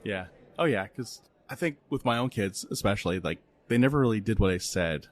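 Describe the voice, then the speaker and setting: A middle-aged man hosting a podcast, telling a family story in an animated, laughing way at a conference. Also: on the low side, fairly quick. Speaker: podcast host. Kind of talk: casual interview chat. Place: conference venue.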